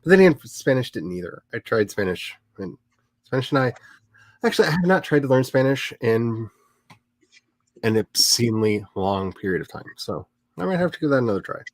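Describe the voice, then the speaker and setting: A man's voice: mid-range voice, very animated, a little fast, no echo, studio quality. A man hosting a writing livestream, chatting casually in a rambling, self-mocking way, full of jokes and asides. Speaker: livestream host. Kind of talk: casual chat during a writing sprint stream.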